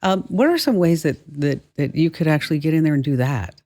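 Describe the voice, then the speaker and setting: Lively, dry-sounding New Jersey woman host. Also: sits low, brisk, dry recording. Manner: chatty, laughs often. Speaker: radio show host. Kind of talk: tech radio show interview.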